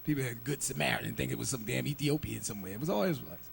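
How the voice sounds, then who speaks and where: A man preaching a sermon, emphatic and quick to shout, firing rhetorical questions and leading his listeners in call-and-response. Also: medium pitch, vocal fry, a little hiss or hum. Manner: calls for scripture reading and call-and-response.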